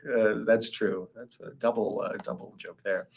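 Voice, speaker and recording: A man co-hosting a casual livestream, reading viewer comments aloud and joking, with sudden jumps up in pitch. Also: lively intonation. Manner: jokey, reads comments aloud, quick laughs and pitch jumps. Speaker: co-host reading live chat.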